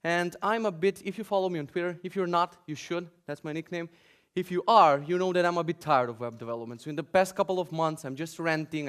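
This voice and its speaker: Sarcastic conference speaker from Macedonia, male, slightly high pitch, jokey rant. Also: quick pace, clear, resonant tone. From North Macedonia. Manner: sarcastic, joking, ranting. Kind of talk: conference talk. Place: conference hall.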